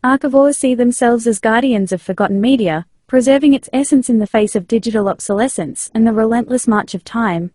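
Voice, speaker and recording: Woman, host, documentary narration, measured, fairly high, dry recording. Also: mellow, no echo. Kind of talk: documentary-style narration and interview.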